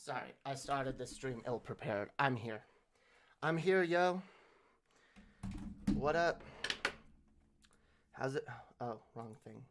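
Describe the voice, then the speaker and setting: A man hosts a laid-back livestream, his speech slow and drawn out, in a voice pitched squarely in the middle. He talks in a loose, profane, slang-heavy way, tossing out "yo" constantly and joking to himself. He speaks into a new desk mic with a pop filter. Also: a little hiss or hum. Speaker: livestream host. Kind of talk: casual livestream chat.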